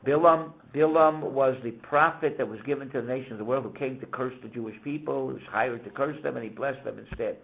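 A man teaching a casual Torah lesson, telling stories with animated, emphatic questions. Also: mid-range voice, fairly quick, gravelly, few pauses. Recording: tinny phone-like sound.

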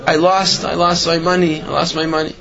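A frantic, distraught poor man pleads over his lost money, his voice pushed higher than the teller's own, as a storytelling man puts him on. He sounds upset and desperate. The recording is a little muffled. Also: little pitch movement, a little fast, vocal fry, crowd noise.

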